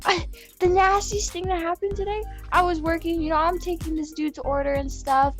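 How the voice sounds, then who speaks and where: A young woman with a high, bright-pitched voice launches into an animated rant, swearing freely as she tells her story. Faint music hums underneath her casual podcast chat. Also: moderate pace. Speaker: podcast panel member.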